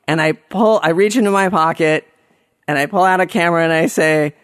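A man telling a personal story to an audience in a self-mocking, halting way, with many restarts. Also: a little high, fairly even intonation, a bit bright, clear, resonant tone, no echo, clean studio sound.

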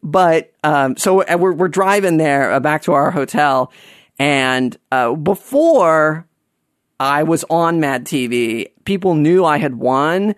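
A man's voice: fairly high pitch, lively intonation, slow pace, dry recording, studio quality. A man casually telling an anecdote, rambling with lots of fillers and restarts.

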